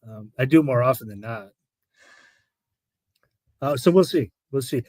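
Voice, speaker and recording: A man's voice: medium pitch, measured pace, darkish tone, dry recording. Hesitant male betting analyst, dry sound. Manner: hesitant, repeats words, many fillers. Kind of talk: casual live-stream chat.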